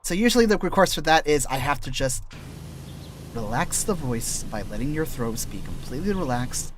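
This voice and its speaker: Faint music plays behind a male streamer whose medium-pitched voice has a sing-song lilt at a normal speed. He rambles casually during gameplay, often trailing off and restarting, and explains voice-acting tricks like a relaxed teacher despite a dry, scratchy throat.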